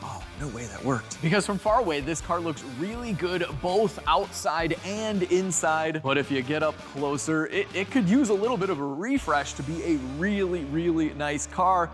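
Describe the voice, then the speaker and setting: A man's voice: a little high, lively intonation, normal speed, hardly any pauses, faint music behind. A young man from Chicago chatting and joking with viewers while he cleans and details a car. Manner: chatty, jokey, talks to viewers while working. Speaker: car YouTuber. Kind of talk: casual car-detailing vlog narration.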